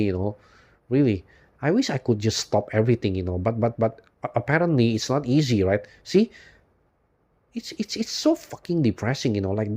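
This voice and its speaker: A man speaks in a low, mellow voice, alone and unscripted. His talk is weary and despondent and keeps circling back on itself. He packs in "you know" and curses freely. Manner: rambling, constant "you know" fillers, frequent swearing. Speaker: YouTube channel host. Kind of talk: unscripted personal monologue.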